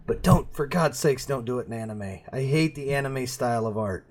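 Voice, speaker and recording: A man's voice: mid-range voice, fairly quick. Rambling middle-aged man, casual chat. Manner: rambling, self-mocking, laughs at his own jokes. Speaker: podcast co-host.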